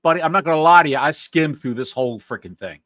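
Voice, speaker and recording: Wisecracking man with a lively voice. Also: on the high side, fast talker. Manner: wisecracking, calls people "pal". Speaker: podcast co-host. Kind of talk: casual wrestling chat.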